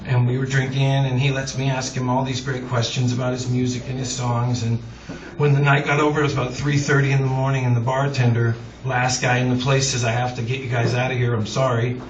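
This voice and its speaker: A man's voice: medium pitch, little pitch movement, a little fast. A man, a singer-songwriter, telling a long, rambling, self-mocking story to a live audience, chuckling as he goes. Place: live music club on stage. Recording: roomy, dull, distant audience recording. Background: audience laughter and crowd noise.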